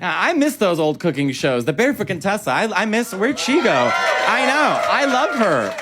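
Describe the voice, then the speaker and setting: A man doing a stand-up set in an American accent, animated and quick to mimic other voices. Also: high-pitched, over a noisy crowd, very noisy. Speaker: stand-up comedian. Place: comedy club stage. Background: audience laughter.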